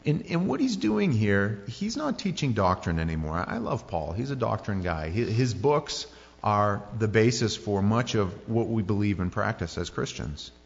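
A man's voice: on the low side, sing-song, moderate pace, creaky, big-room sound, dull audio. A man preaching a conversational sermon as pastor, acting out quoted voices as he tells the story.

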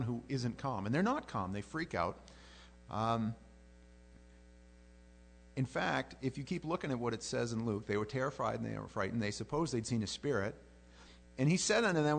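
Animated, conversational male preacher. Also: medium pitch, fairly quick, creaky, slight background noise. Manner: conversational and animated, frequent restarts. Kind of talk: sermon.

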